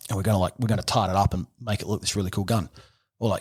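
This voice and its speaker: Australian man explaining, rambling and animated. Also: on the low side, rapid-fire, husky. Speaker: gunsmith guest. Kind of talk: casual podcast chat.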